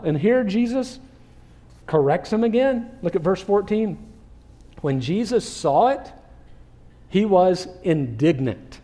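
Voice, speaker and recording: A male pastor delivering a sermon in a dark, mellow voice that sits fairly high for a man. He preaches with animation and now and then acts out what people in the story say. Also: animated, slow pace, long pauses.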